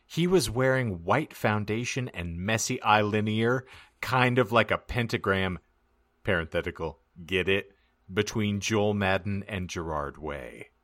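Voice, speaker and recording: A man with a lowish voice reads a story aloud in a flat, deadpan way, letting the words do the joking. His voice sounds close and dry, with no echo, typical of a podcast microphone setup. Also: measured pace. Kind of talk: comedic reading of fan fiction.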